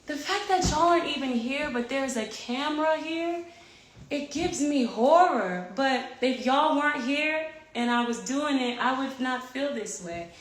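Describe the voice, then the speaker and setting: A woman's voice: high-pitched, lively intonation, measured pace. A woman in her thirties chatting casually to camera at home, candid and rambling, swearing freely. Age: 30s. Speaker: singer filming herself at home. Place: home with a yard.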